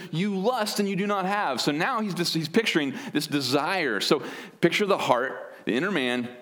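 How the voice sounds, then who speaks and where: A man's voice: on the high side, fairly bright tone. A man preaching an earnest expository sermon, explaining word meanings with wry asides. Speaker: pastor.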